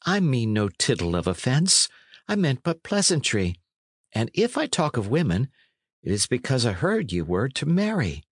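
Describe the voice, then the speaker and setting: A man's voice: medium pitch, expressive, unhurried, dry recording, clean studio sound, voice pushed up. A man reading an audiobook, voicing a timid young male runaway who speaks earnest, anxious old-fashioned English. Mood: coaxing. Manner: earnest, anxious, archaic speech.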